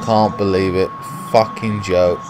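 A man's voice: low voice, little pitch movement, unhurried, noisy background. A man with a British accent giving live commentary over his own football video game, swearing often and talking to himself in frustration. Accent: British English. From Britain. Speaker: gaming YouTuber.

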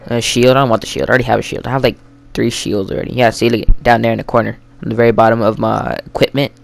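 A man giving rambling, chatty let's-play commentary while gaming with a friend, full of fillers and sudden excited yelps. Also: medium pitch, rapid-fire, vocal fry, faint music behind. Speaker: gamer playing co-op with a friend.

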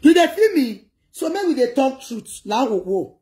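A high-pitched woman with a Nigerian Pidgin accent talks casually to her livestream viewers. She is animated and lively, and she calls out to her audience as she speaks. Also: moderate pace. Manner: animated, switching between pidgin and local language, addressing viewers. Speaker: livestream host.

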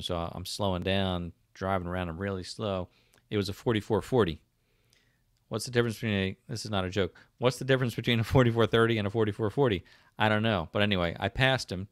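A man with a South Jersey accent talks loosely on a livestream, his voice sitting low and the sound dry and close. He rambles with lots of fillers and restarts, reading viewer comments aloud as he goes. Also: dry recording. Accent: South Jersey / Philadelphia. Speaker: livestream host. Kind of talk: casual livestream chat.

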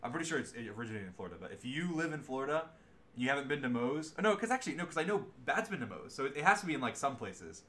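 A young man chatting casually on a livestream, rambling and restarting his sentences as he gets excited. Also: mid-range voice, very fast, a little hiss or hum. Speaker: streamer guest.

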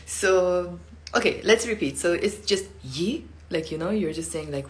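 Playful Lebanese woman teaching sounds. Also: moderate pace. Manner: playful, acts out each sound with big swings in pitch and loudness. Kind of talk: live online language lesson.

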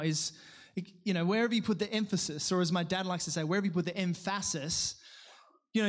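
A man preaching a sermon. He reads scripture and prays in a lower, measured voice, then talks to the congregation casually, with many fillers and self-corrections.

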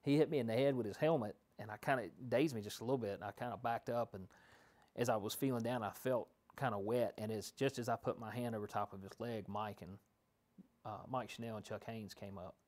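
A man's voice: fairly low pitch, a little fast, a little mellow. Man giving a rambling, detailed account. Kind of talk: documentary interview recollection.

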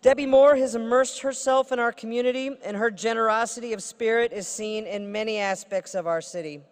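A woman's voice: on the high side, steady tone, fairly quick. A woman who is a state senator gives a formal ceremonial introduction at a podium with playful asides. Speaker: state senator presenting an honorary degree. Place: large ceremony hall. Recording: reverberant ceremony hall.

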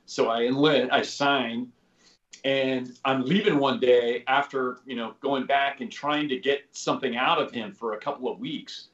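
Speaking at an unhurried pace, this fifty-something guest, once a special operations soldier, has a medium-pitched, slightly bright voice with fairly even intonation. He spins rambling stories in a casual interview, dropping "you know," "like," and offhand curses, captured in roomy, somewhat dull podcast sound.

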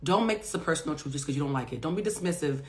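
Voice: medium pitch, expressive, rapid-fire. A life coach talking to viewers in a casual live stream, blunt and emphatic, with plenty of swearing. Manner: emphatic, blunt, profane, talks straight to viewers. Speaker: life coach and psychic reader.

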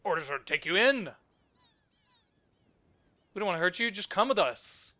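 A gruff knight commander from a video game, as a man puts him on, blunt and threatening as he barks orders. His voice is bright and forceful. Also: high voice, lively intonation, normal speed, dry recording, voice pushed up.

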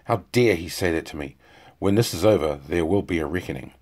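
Casting: man reading a furious general with a low, booming voice. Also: expressive, a little fast, a little mellow. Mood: seething. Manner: thundering, commanding. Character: furious imperious male general.

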